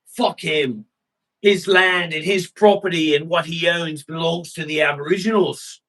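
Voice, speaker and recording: A man's voice: on the high side, steady tone, measured pace, a bit bright, poor audio. A man voicing a hostile, foul-mouthed old bum in a retold story.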